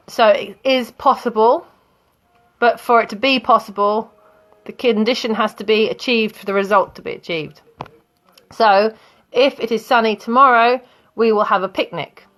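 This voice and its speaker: A woman's voice: on the high side, moderate pace. A woman teaching English grammar in a live online lesson, chatting with students and laughing often.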